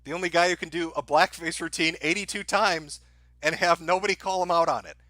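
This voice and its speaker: A man's voice: fairly high pitch, fairly quick, pushed and bright, no echo. A man hosting a live stream, ranting sarcastically and profanely to his chat, often breaking into laughter.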